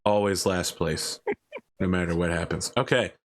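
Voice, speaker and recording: A man hosting a game stream, telling profane stories with lively banter. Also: deep voice, normal speed. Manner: animated, profane storytelling, laughing often. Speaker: host.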